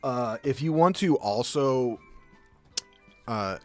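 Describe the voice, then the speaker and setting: A man's voice: medium pitch, expressive, takes it slowly, soft background music. A man streaming and chatting casually, rambling through jokey asides. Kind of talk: casual chat.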